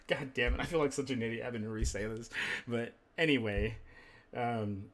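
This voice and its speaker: A man's voice: mid-range voice, fairly even intonation, moderate pace. A man hosting a casual live gaming podcast, rambling loosely with lots of filler words and casual swearing. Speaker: podcast host and streamer.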